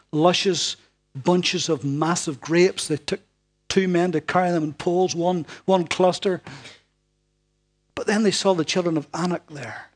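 A man delivers a sermon in a husky, slightly high voice. He leans hard on his key lines, then drops to a hushed near-whisper to draw the listener in. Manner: dramatic, swinging from loud emphasis to hushed near-whispers. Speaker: preacher.

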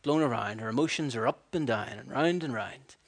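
A man preaching a sermon, animated and storytelling, acting out voices and laughing at his own stories. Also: mid-range voice, fairly quick, husky.

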